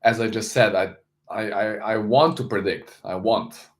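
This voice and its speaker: A man's voice: lowish voice, moderate pace. A man hosting a casual live stream, greeting viewers, reading the chat aloud and talking loosely with frequent restarts.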